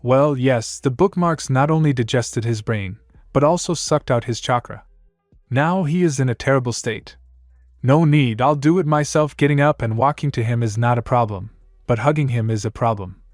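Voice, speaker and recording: A man's voice: mid-range voice, normal speed, no echo. Male narrator, first-person fanfic, wry complaining tone, dry booth sound, faint music bed. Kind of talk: first-person fan fiction reading.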